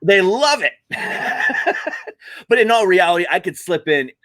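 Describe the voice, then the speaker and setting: A man's voice: sits high, sing-song, measured pace, a bit bright. A man co-hosting a podcast in casual chat, a comedian talking in a laid-back, rambling way with lots of fillers.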